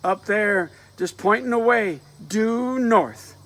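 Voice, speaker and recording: A man's voice: high-pitched, slow, a bit bright, pitched above the performer's own voice. A man voicing a bold, restless nineteen-year-old who teases and reassures his sweetheart, in a dramatic reading of a play with rural dialect. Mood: defiant, wistful. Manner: teasing, confident, rural dialect.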